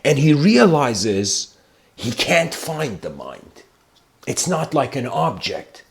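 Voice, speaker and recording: A man giving a livestreamed spiritual talk, telling stories reflectively and slowing down for emphasis. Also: mid-range voice, sing-song, gravelly. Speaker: spiritual lecturer.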